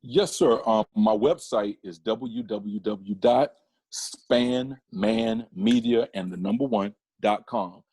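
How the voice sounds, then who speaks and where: A man talking as a podcast guest, his voice husky and his delivery animated, often restarting mid-sentence. The sound is close and dry, with no room around it. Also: lowish voice, slow, dry recording. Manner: animated storyteller with many restarts. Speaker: podcast guest, comedian and photographer. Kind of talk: casual interview chat.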